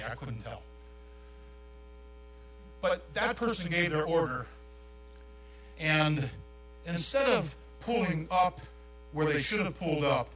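An older man, preaching a sermon with folksy, animated storytelling. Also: a little high, distant mic. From New York. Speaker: pastor. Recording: echoey room, dull sound, mains hum.

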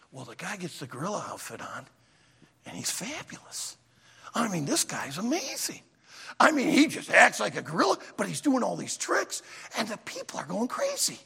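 A man preaching a sermon in a church auditorium, an animated, emphatic storyteller, with long hall reverb. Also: extremely high pitch, moderate pace, gravelly, breathy edge. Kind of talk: sermon with a told joke.

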